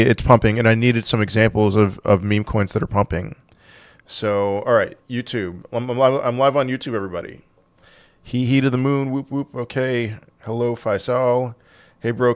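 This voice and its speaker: A man's voice: fairly low pitch, smooth, no echo. A man hosting a casual crypto livestream, reading out viewer questions and answering with offhand, dry sarcasm.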